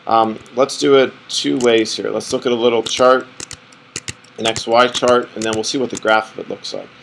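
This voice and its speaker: A man's voice: medium pitch, steady tone, normal speed, creaky, a little hiss or hum, low-quality recording. A man teaching a math lesson, rambling and correcting himself as he draws on the board. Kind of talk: classroom lecture.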